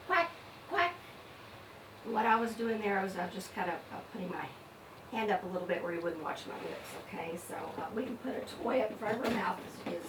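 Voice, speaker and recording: A woman therapist talking in a sing-song, playful way with a young child, drawing out animal sounds. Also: fairly low pitch. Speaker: listening therapist. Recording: echoey room, distant mic, background noise.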